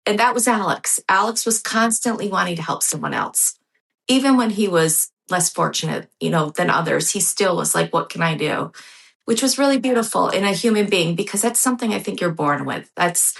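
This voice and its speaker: A woman in her fifties, a podcast guest telling a personal story in a heartfelt, halting way. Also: mid-range voice, expressive, vocal fry, a bit bright. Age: 50s. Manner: heartfelt, halting, repeats herself.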